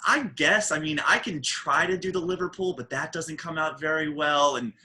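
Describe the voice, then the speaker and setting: American guy hosting a podcast, super bright punchy voice, chatty and jokey. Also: normal speed, rough recording. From Baltimore, USA. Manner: chatty, jokey, animated pitch swings. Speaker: podcast host. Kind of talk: casual chat.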